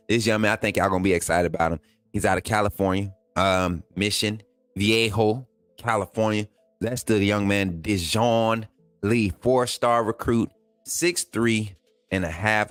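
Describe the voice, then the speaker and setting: A man hosting a sports livestream, hyping players and reading chat, excitable and repeating himself in casual slang. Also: fairly low pitch, normal speed, dry recording, soft background music. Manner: excitable, hypes players, talks straight to viewers; repeats phrases, casual colloquial speech. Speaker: sports channel host.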